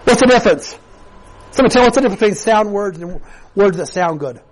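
A man's voice: high voice, expressive, brisk, poor audio. A man preaching a sermon to his congregation, earnest and conversational, often restarting and repeating words as he goes. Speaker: pastor.

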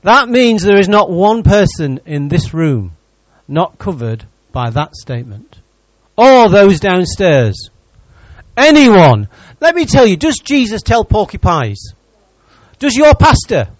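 A pastor preaches in a high, very animated voice that jumps up and down, speaking a little slowly and teasing his congregation with jokes between points. The sound is dry, slightly dull, and has no echo.

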